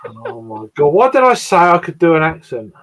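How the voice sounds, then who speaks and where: A man's voice: fairly high pitch, big pitch swings, normal speed, a crowd in the background. An English man in casual chat on a live stream, laughing often and stammering through restarts. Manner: giggly, self-conscious, stammering restarts.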